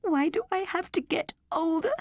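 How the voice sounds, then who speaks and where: A woman voicing a little girl who is crying, in a high tearful voice. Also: lively intonation, normal speed, gravelly, darkish tone, dry recording, studio quality.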